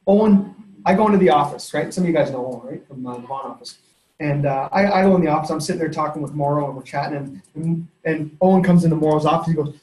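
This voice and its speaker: A man, a company head giving a sales training in a lively, storytelling way. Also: a little high, quick pace. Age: 30s. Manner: energetic, conversational, storytelling with laughs. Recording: echoey room.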